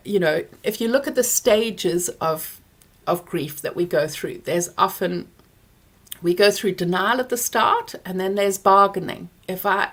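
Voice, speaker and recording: A woman therapist answers viewer questions in a live online session. She speaks close to the mic in a calm, explanatory way, at a mid pitch, with plenty of fillers and restarts. A throat lozenge sits in her mouth as she talks. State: talking around a throat lozenge. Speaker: therapist hosting a Q&A. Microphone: close mic near her ears.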